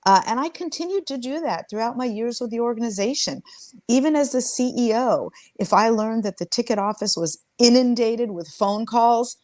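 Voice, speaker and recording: A woman's voice: fairly high pitch, expressive, moderate pace, a little mellow, no room sound. A woman in her sixties speaking earnestly and reflectively as an interview guest, often restarting her sentences. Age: 60s. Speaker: interview guest, former sports team executive. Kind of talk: conversational interview storytelling.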